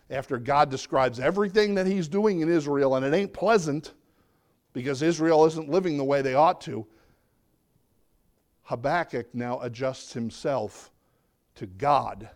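Middle-aged man preaching a sermon. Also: a little slow. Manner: conversational preaching, drops low for emphasis. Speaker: pastor.

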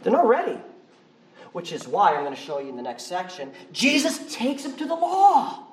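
A male pastor preaching a sermon in a church, conversational and animated. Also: high-pitched, moderate pace, a little hiss or hum. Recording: roomy, from far off the mic.

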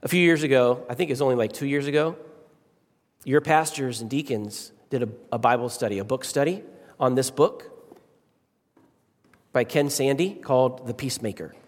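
A man's voice: medium pitch, moderate pace, long pauses. Emphatic preacher man in a reverberant church. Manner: emphatic, varies pace and volume, repeats key phrases. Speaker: pastor. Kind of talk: sermon. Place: church sanctuary. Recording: long reverb of a church hall.

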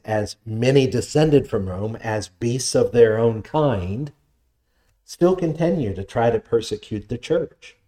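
A man's voice: mid-range voice, warm tone. A man preaching a sermon, reading scripture aloud and explaining it in an earnest, emphatic way.

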